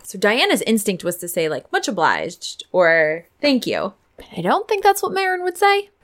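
A woman's voice: a little high, huge pitch swings, brisk, a bit bright. A woman playing a tabletop role-playing game, speaking in a matter-of-fact, dry way. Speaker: player. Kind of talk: tabletop role-play chat.

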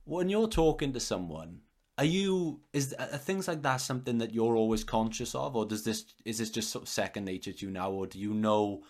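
A man's voice: mid-range voice, expressive, brisk, a little mellow. A man hosting a podcast over a video call, asking thoughtful, probing questions in a casual way. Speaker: podcast host. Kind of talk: casual interview talk.

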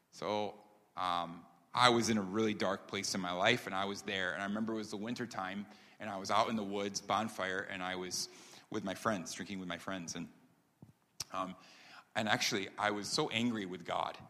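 Male pastor, lower voice, testimony sermon in a reverberant church hall. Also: pushed and bright. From upstate New York. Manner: earnest and conversational, many ums, building to emphatic.

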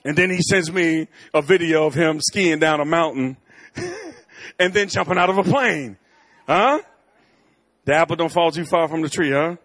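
High-voiced, animated man preaching. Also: moderate pace, long pauses. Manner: animated storytelling, swings from loud and bold to quiet asides. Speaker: guest preacher. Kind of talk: sermon. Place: church sanctuary.

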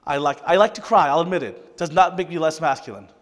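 A man preaching a sermon to his congregation, earnest and emotional, his delivery swinging from loud, rising peaks to hushed, soft passages. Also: fairly high pitch, fast, long reverb tail. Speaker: pastor.

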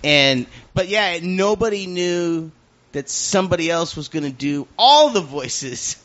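A man's voice: sits high, expressive, a little slow, a bit bright, muffled recording. A man joking profanely in casual podcast banter as a guest.

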